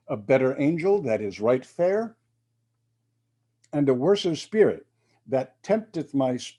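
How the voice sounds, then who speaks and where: A man's voice: medium pitch, dark tone. A male minister giving a reflective sermon, with quoted readings and casual asides.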